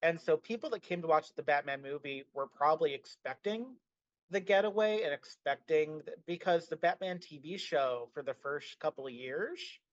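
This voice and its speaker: A man with a somewhat high voice chats casually as a podcast co-host. He talks animatedly and leans on "like" between thoughts. The recording sounds a bit dull and lo-fi, with no room echo. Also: normal speed. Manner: animated, frequent "like" fillers.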